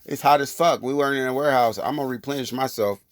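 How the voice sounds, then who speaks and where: A man's voice: mid-range voice, fast, dry recording, studio quality. A man telling a personal story in loose, rambling, profane street talk. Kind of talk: casual storytelling.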